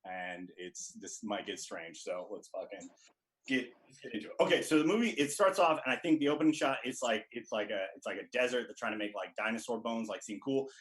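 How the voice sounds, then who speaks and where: A man's voice: on the low side, a little fast, fairly bright tone, low-quality recording. A man performing stand-up as a contestant, crudely retelling a movie plot in a rambling way and laughing at his own jokes. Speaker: comedian contestant.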